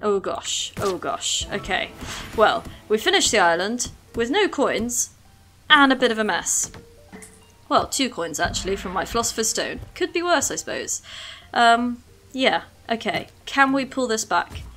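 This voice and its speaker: A woman with a fairly high voice gives casual gameplay commentary. She is chatty and easily excited, talking fondly to her units as she plays. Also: unhurried, faint music behind.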